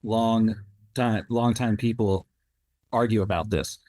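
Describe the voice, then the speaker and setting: A man in his thirties with a lowish voice, chatting loosely as a podcast host. He rambles and hops from thought to thought with plenty of fillers. The sound is dry and close. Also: fairly even intonation, slow, darkish tone, no room sound. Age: 30s. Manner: rambling, filler-heavy, jumps between thoughts. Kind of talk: casual interview chat.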